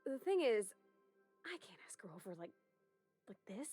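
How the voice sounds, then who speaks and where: A woman's voice: medium pitch, sing-song, moderate pace, darkish tone, no room sound, soft background music. An actress playing a shy young female starship engineer, speaking hesitantly and self-consciously in a video game. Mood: bashful.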